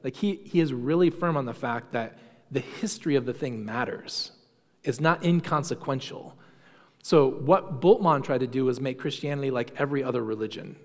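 A man's voice: mid-range voice, normal speed, long reverb tail. A man teaching a Sunday school class in a conversational lecture, often asking the class questions and using many fillers. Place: church classroom.

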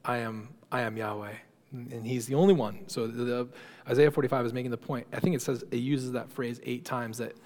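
A man with a mid-range voice teaches a church class. He speaks loosely and conversationally, restarting sentences and filling pauses. The sound rings with the long reverb of a hall. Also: medium pitch, fairly even intonation, a little mellow. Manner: conversational, frequent fillers and restarts. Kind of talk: informal lecture to a class.

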